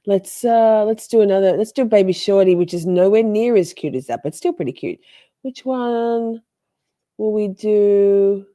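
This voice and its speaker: A woman chatting casually as she reacts to a trial, giggly and playful, swinging from soft whispers to high squeals. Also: lively intonation, unhurried, no echo, clean studio sound.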